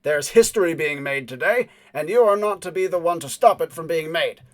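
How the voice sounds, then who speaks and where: A man's voice: on the high side, fairly quick, no echo, pitched above the performer's own voice, lightly acted. A man voicing an alarmed, blustering man who threatens with a bomb. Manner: shouting, panicky.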